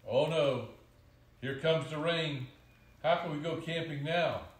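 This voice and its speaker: Guy doing a chirpy little girl talking to her puppy, bright and coaxing, echoey room. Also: medium pitch, normal speed, lightly acted. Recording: roomy echoey recording.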